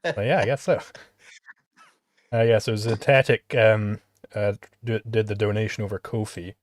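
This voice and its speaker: A man with a somewhat low voice chats on a livestream, halting often and filling pauses with ums. The sound is dry and close, with no room around it. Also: no room sound. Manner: halting, many fillers. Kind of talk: casual livestream chat.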